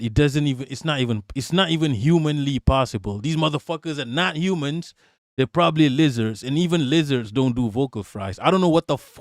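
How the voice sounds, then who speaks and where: A man's voice: medium pitch, no echo. Profane mocking male streamer, dry mic. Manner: profane, mocking, laughs often. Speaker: live stream host. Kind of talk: casual reaction rant.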